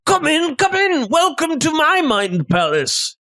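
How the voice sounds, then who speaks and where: A man's voice: very high voice, big pitch swings, a little slow, bright, forceful tone, pitched above the performer's own voice, full character voice. A man voicing an eager, pompous chef in improv comedy, with a theatrical, welcoming sing-song manner. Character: eager, pompous middle-aged male chef host. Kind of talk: improv comedy role-play.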